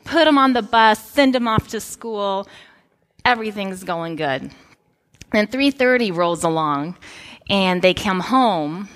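Woman pastor in her thirties; animated storytelling sermon, mid-pitched voice. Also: slow. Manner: lively storytelling, animated quotes.

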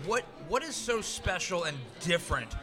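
Male podcast co-host, higher pitch, blunt profane ranter, music bed. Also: very animated, moderate pace. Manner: ranting, profane, repeats himself. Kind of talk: casual podcast chat.

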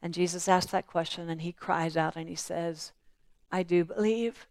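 A woman's voice: lowish voice, little pitch movement, normal speed, no echo. A middle-aged woman preaching a sermon earnestly, asking pointed questions and voicing people in prayer.

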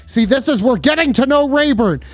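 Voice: sits high, expressive, brisk. Goofy tipsy streamer reading chat. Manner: goofy, reads chat questions aloud.

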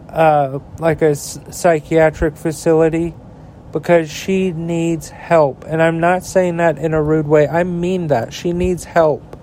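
Slow-talking, profane male podcast host. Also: fairly high pitch, darkish tone, slight background noise. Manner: profane, angry ranting; slow, rambling delivery with frequent fillers. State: tired. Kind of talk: casual solo political commentary.

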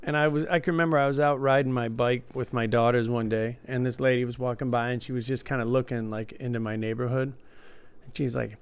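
Michigan-accented man, podcast co-host, loose rambling chat, clear resonant voice, mid pitch. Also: flat delivery, fast. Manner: loose, rambling, laughs often, says "like" a lot. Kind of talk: casual chat.

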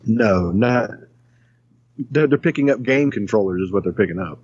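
Husky-voiced crude joking man. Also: on the low side, expressive, moderate pace, darkish tone, no echo, highs cut off. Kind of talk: casual podcast chat.

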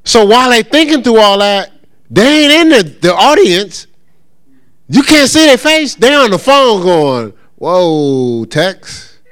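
A middle-aged man teaching a church congregation in a relaxed, conversational way, acting out the voices of churchgoers and checking in with his listeners. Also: very high voice, unhurried, smooth. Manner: animated, acts out voices of churchgoers and callers; conversational with frequent check-ins. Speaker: pastor teaching. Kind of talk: informal church teaching talk.

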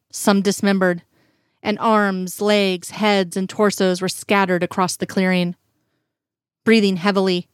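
Woman storyteller, earnest, mid-pitched, dry booth sound. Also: clear, resonant tone, no echo. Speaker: reader. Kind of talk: reading fan fiction aloud.

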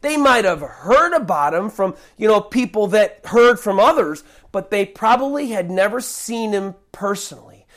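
Preacher going verse by verse, gets loud and emphatic, restarts a lot. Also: mid-range voice, lively intonation, moderate pace, hardly any pauses. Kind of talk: Bible teaching sermon.

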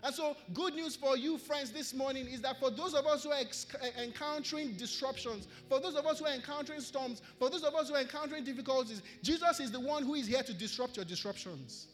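A man with a Nigerian English accent preaches with a strikingly high voice and circles back to his key phrases. He delivers an earnest sermon in a church hall. A long reverb trails behind his words. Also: fast, hardly any pauses, soft background music. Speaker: pastor.

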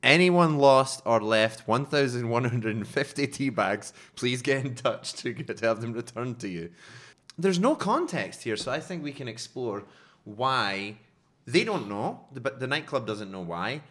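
A man co-hosting a comedic podcast, reading out headlines with animated, restart-filled chat. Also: mid-range voice, unhurried. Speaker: podcast co-host presenting news stories.

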